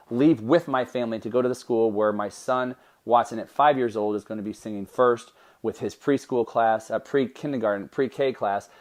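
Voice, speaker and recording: A man in his thirties tells a personal story on his podcast. He talks at an ordinary middle pitch and keeps his delivery animated. He often breaks off, starts his sentences over and laughs between thoughts. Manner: animated, self-interrupting storytelling with restarts and laughs. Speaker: podcast host.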